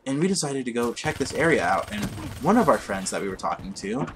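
A man's voice: mid-range voice, very animated, fast, background noise. A young man casually telling a rambling, profane story while commenting on his gameplay. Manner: rambling, profane, easily distracted by the game.

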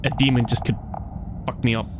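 A man's voice: mid-range voice, level tone, fairly quick, heavy background noise. A man giving casual commentary while playing a horror game, jumpy and swearing constantly. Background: game music.

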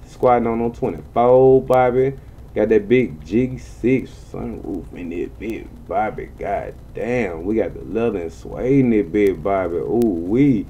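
Excitable man narrating his gameplay. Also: dull audio, slight background noise. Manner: excitable, slangy, swears freely, yelps high when things go wrong. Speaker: gaming channel host. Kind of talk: casual gameplay commentary.

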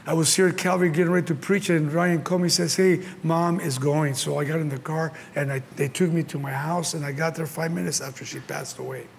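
A man's voice: a little high, steady tone, fast, creaky, hardly any pauses, slight background noise. An older man from Mexico with a Mexican Spanish accent preaching a sermon at a conference, telling stories with passion and acting out the voices he quotes. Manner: impassioned storytelling, acts out quotes. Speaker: pastor. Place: large conference hall. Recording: long hall reverb, faint ambience.

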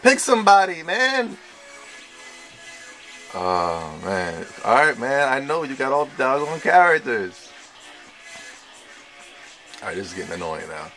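A young man giving live gameplay commentary, trash-talking his opponents with slang and an excitable manner. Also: medium pitch, measured pace, long pauses, soft background music. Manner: excitable trash talk with slang, shouts and laughs. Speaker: gamer playing online.

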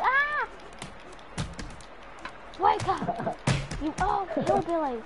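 A woman's voice: high-pitched, expressive, takes it slowly, pauses often, low-quality recording. A woman playing a video game and chatting to herself in a silly, rambling, joking way. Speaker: gamer. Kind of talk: casual gameplay commentary. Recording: game music playing behind.

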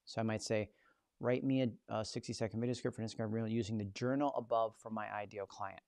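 A man's voice: fairly low pitch, fairly even intonation, fast talker, a little mellow, clean tone, no room sound, studio quality. A man hosting a live-streamed tutorial, talking in a casual, chatty way with jokey asides to viewers. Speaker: host teaching a live session.

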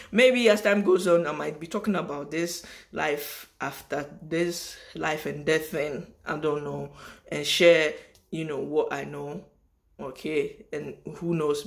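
High-pitched man giving a preachy vlog message. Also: vocal fry, a bit bright. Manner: preachy, emphatic, rhetorical questions. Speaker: vlogger. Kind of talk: motivational vlog monologue.

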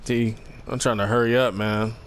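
A young man giving casual, slangy, excitable commentary over a basketball video game, trash-talking the players. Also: medium pitch, moderate pace, slight background noise. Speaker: gaming commentator.

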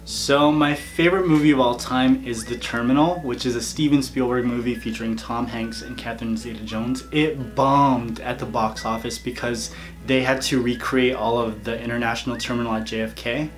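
A man's voice: medium pitch, fairly even intonation, normal speed, soft background music. A man hosting a casual YouTube interview, playful and laughing often. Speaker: YouTuber host.

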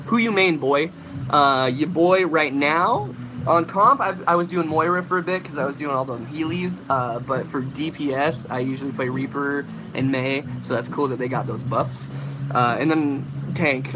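A man's voice: mid-range voice, noisy background. A young man casually hosting a livestream, rambling as he answers chat questions about vocals. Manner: casual, rambling, demonstrates screams.

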